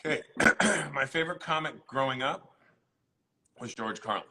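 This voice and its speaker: A middle-aged man, a comedian being interviewed, chatting casually and telling animated stories with acted-out voices. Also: mid-range voice, normal speed, poor audio. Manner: animated storyteller, acts out quoted voices.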